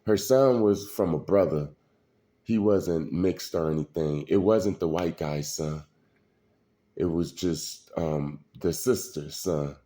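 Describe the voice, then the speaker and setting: A middle-aged man, telling stories in a slow, preachy street style. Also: low voice, warm tone. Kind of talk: casual storytelling monologue.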